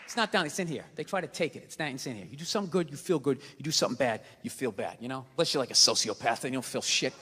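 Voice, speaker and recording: A man doing a stand-up comedy set on stage, ranting and profane, swinging between low mutters and shouts, with audience laughter. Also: animated, rapid-fire, hardly any pauses, breathy edge, a faint crowd. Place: large theater stage. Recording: live theater, long reverb, audience noise.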